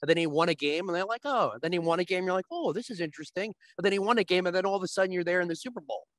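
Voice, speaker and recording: A man's voice: high voice, steady tone, rapid-fire, a bit bright, no echo. A man as a guest, explaining sports betting in casual chat with long, restarting sentences.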